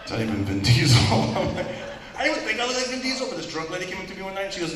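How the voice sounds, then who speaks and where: A man doing a stand-up comedy set on a large theater stage, animated and jokey, slipping into silly voices. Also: sits high, fast talker, very noisy. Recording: echoey hall, far mic, crowd. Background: audience laughing and clapping.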